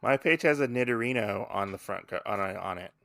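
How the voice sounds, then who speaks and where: A man co-hosts a casual podcast, talking animatedly about a comic. His voice is bright and forceful and swings widely in pitch. The sound is dry and close. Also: a little fast, vocal fry, no room sound. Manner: animated, slips into silly character voices. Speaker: podcast co-host.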